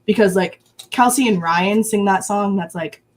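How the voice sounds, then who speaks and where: A woman in her early twenties talks as a guest in a relaxed chat, with a pitch in the usual middle range. She tells stories animatedly and laughs often. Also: normal speed, a little hiss or hum. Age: 20s. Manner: animated, lively storytelling with frequent laughs. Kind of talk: casual chat.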